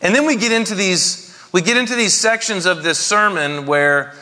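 A man's voice: sits high, moderate pace, bright, forceful tone. A man in his thirties preaching a conversational, jokey sermon to his congregation, often asking them questions. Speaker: pastor. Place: church hall. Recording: long reverb of a hall.

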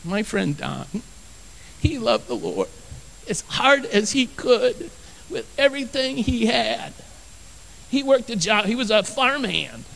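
A man's voice: very high-pitched, big pitch swings, slow pace, creaky, a bit bright, in a large hall, rough recording. A man, a pastor, preaching a sermon. He tells personal stories earnestly and with energy, and he repeats his phrases for emphasis.

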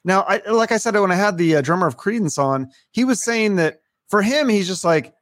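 A man's voice: high voice, animated, brisk, a bit bright, no echo, studio quality. A man hosting a casual interview, asking questions and giving brief affirmations. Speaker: podcast host.

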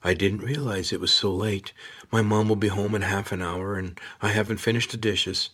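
A man's voice: fairly low pitch, fairly even intonation, moderate pace, a bit bright, breathy edge. A man reading a storybook voices a spirited teenage girl who talks in abrupt, commanding bursts. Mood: hurried.

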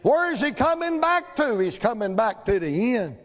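A man preaching a sermon in a church, rhythmic and building to shouts, acting out the voices in the story. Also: very high-pitched, sing-song, normal speed. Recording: long hall reverb.

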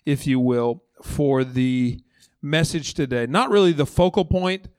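A man's voice: mid-range voice, unhurried, clean tone, dry recording. A man in his thirties, a lead pastor preaching a conversational sermon from a church stage. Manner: conversational and animated, acting out voices of the story.

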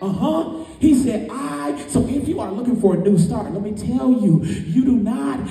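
A man's voice: very high voice, lively intonation, moderate pace, gravelly, warm tone. A man preaching a sermon as pastor, emphatic and sing-song, heard from far off in a large hall.

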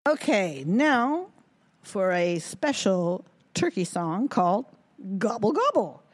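A woman presenting finger plays and songs for young children, in an animated, sing-song, encouraging manner. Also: mid-range voice, slow, faint music behind.

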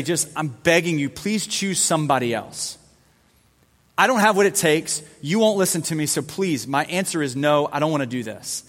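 A man's voice: a little high, lively intonation, moderate pace, fairly bright tone. A man giving a casual, conversational sermon as a youth pastor, acting out the dialogue as he goes. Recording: long hall reverb.

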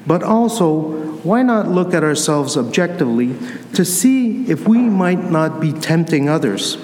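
A man's voice: on the high side, big pitch swings, a little slow, a little mellow. A man giving a Sunday homily, telling a personal story in a conversational way and acting out the dialogue. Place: church. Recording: echoey church with long reverb, faint ambience.

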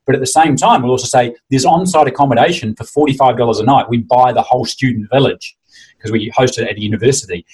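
Fast-talking husky man. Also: medium pitch, rough recording. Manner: enthusiastic, animated storytelling with mimicked quotes. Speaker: fitness convention organizer. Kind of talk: casual conversation.

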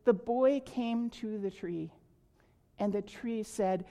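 A woman reading a children's story aloud in a slow, gentle, deliberate way. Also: medium pitch.

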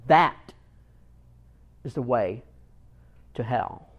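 A man voicing a stern old monk who scolds a warrior, loud and raised. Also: mid-range voice, animated, very slow, voice pushed down. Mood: calm. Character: stern old male mountain monk, scornful.

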